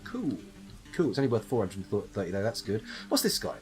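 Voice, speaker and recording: Wry, lively British man streaming a game. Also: mid-range voice, normal speed. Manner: wry, chatty, reads item text aloud and swears jokingly. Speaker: streamer playing a fortress game live. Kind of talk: casual gameplay commentary. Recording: faint background game music.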